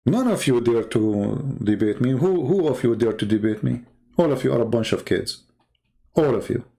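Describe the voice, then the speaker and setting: A livestream host with a medium-pitched, dark voice and vocal fry delivers a taunting monologue at a moderate pace. His intonation is lively as he talks in a combative, mocking way, challenging his listeners.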